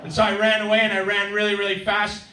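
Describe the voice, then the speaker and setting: A man doing a stand-up set, telling a wry story and acting out his neighbours in loud voices. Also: high-pitched, completely flat delivery, fast talker, noisy background. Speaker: stand-up comedian. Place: comedy club stage. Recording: roomy club sound, heard from a distance.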